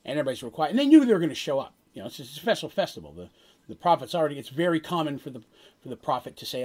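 A man's voice: on the high side, big pitch swings, rapid-fire, darkish tone, husky. A man narrating a tabletop role-playing session as game master, in a casual, rambling way with frequent restarts.

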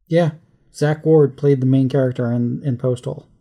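A man co-hosting a movie podcast speaks in a mellow, medium-pitched voice with a steady tone and moderate pace. The chat is casual and rambling, and he keeps mixing up names and correcting himself.

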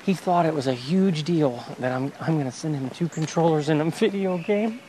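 A man's voice: on the high side, normal speed, dark tone, a little hiss or hum, rough recording. A father recording an emotional personal video diary, talking earnestly and sighing often, from inside a car while driving.

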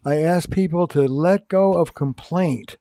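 A man's voice: a little high, unhurried, no echo. An older man, a relationship counselor, talking through advice in an interview and acting out the lines he quotes. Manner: animated storyteller who acts out quoted dialogue. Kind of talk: conversational podcast interview.

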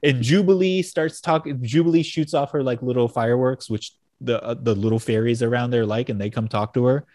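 A man's voice: medium pitch, a little fast, few pauses, a little mellow, no room sound, clean studio sound. A man hosting a casual chat show, retelling a story loosely with fillers, swearing and laughing. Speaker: podcast host recapping a comic issue.

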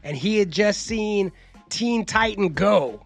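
A podcast host telling rambling, profane stories in casual chat. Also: male voice, high voice, animated, slow pace, vocal fry, soft background music.

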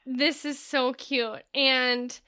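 A woman's voice: high voice, level tone, very slow, bright, forceful tone, clear, resonant tone. A woman co-hosting a podcast, reading a passage aloud and chatting with enthusiasm. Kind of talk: casual chat, reading aloud from a book.

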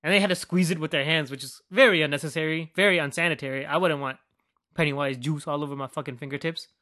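A young man rants about a movie on his podcast, loose and mocking, with swearing in nearly every sentence. His voice sits a little high for a man, and he jumps between loud outbursts and low muttering. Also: quick pace. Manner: animated, swears constantly, mocking. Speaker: podcast host. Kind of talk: casual profane movie rant.

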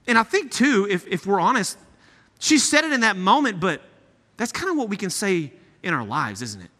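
A man preaching a sermon as a guest speaker, high in pitch and bright in tone. His delivery is animated and emphatic yet conversational, swinging widely up and down. The voice carries a long echo through a large church sanctuary. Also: normal speed. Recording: echoey hall.

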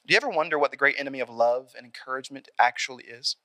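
A young adult man preaching a sermon in an animated, conversational way, acting out little scenes along the way. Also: mid-range voice, rapid-fire, no echo. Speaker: pastor.

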